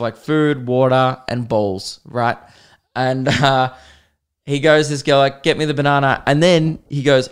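A man's voice: medium pitch, smooth. A man with an Australian accent, a comedian hosting his own podcast, rambling through jokey stories and swearing freely. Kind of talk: casual solo podcast monologue.

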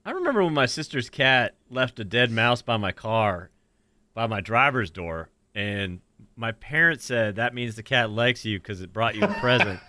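A man with a bright, tense-edged voice that swings widely in pitch. He tells amused stories in a casual chat. The recording is dry and close. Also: expressive, normal speed, dry recording. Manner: amused, laughing storyteller.

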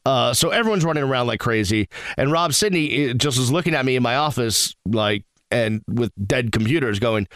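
A man's voice: mid-range voice, brisk, no room sound, studio quality. A man hosting a sports talk radio show, chatting casually and telling stories with quoted back-and-forth. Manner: animated, storytelling with quoted asides. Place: radio studio.

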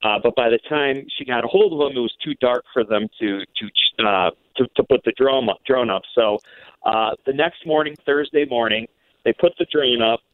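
A man's voice: medium pitch, normal speed, dry recording. A male radio producer, a guest on the show, tells a long story with many fillers and restarts. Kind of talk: phone interview storytelling. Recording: tinny dry phone line.

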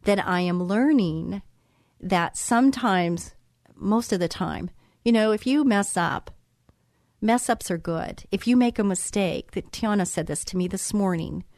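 A woman's voice: medium pitch, unhurried, a little mellow, no echo, studio quality. A middle-aged woman hosting a show, giving an earnest, emphatic motivational monologue that repeats phrases for effect. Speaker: host.

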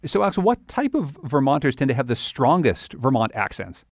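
A man's voice: mid-range voice, very animated, moderate pace, creaky, darkish tone, no echo, clean studio sound. A man hosting a conversational radio interview, curious and asking follow-up questions. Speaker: radio host.

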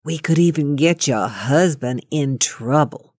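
A woman's voice: sits low, unhurried, darkish tone, no room sound, clean studio sound. A middle-aged woman hosting a cold-call podcast, chatty and playful, laughing often and nervous about calling strangers. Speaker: podcast host.

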